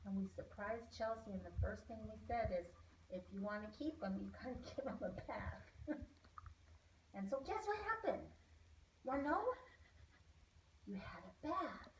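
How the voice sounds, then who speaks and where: A woman's voice: mid-range voice, expressive, unhurried, long pauses, recorded from a distance. Woman telling her dog a story. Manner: coaxing, sing-song talk addressed to the dog. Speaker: dog owner. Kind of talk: storytelling to a pet. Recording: echoey room, voice from off-mic, faint noise.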